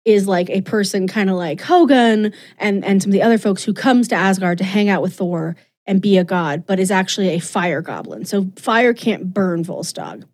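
A woman's voice: mid-range voice, lively intonation, normal speed, few pauses, a little mellow. A woman co-hosting a podcast, retelling a story in casual, enthusiastic chat full of fillers. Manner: enthusiastic, gushing, chatty with many fillers.

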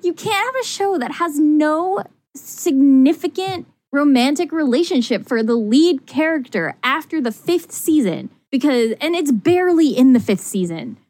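Brief: woman, casual chat, high-ish voice, bursts of laughter, dry booth sound. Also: measured pace, no echo. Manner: excited, laughing often, rising to squeals.

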